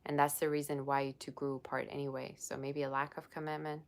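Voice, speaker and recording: On a casual tarot livestream, a woman speaks directly to her viewers, gushing and emotional as she unboxes gifts. Her voice is low-pitched and fairly flat, and she talks fast. She's using her device's built-in mic rather than a proper microphone.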